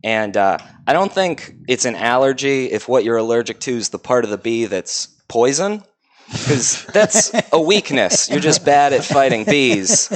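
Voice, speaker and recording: A man's voice: mid-range voice, animated, measured pace. A young man, a stand-up comedian delivering dry, matter-of-fact one-liners.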